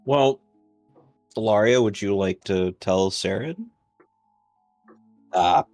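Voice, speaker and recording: A man's voice: on the low side, slow pace, darkish tone, no room sound, soft background music. A man acting as game master, chatting casually with some swearing and self-deprecating humor. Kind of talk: casual chat.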